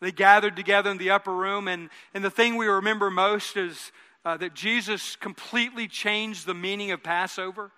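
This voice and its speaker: A high-pitched, very bright male pastor preaching a conversational sermon in a church. He often repeats and restarts phrases and has the congregation say lines back with him. His voice carries a long hall reverb. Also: fairly even intonation, normal speed, clear, resonant tone. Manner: repeats words and restarts phrases while building a point. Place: church sanctuary.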